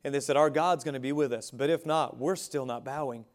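A man preaching a sermon as pastor, swinging between quiet, soft asides and loud, raised exclamations. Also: medium pitch, a little fast.

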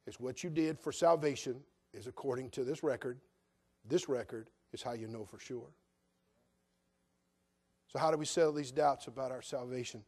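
A man's voice: medium pitch, darkish tone, husky. An older man from California, a pastor preaching a sermon in an earnest, direct way and addressing his listeners as friends.

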